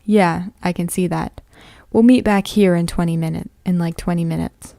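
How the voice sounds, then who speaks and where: A woman's voice: fairly low pitch, fairly even intonation, moderate pace, vocal fry, dark tone, no echo, studio quality. A woman reading a storybook aloud, voicing a pushy, defensive boy who talks impatiently and snaps back. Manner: snappish, impatient.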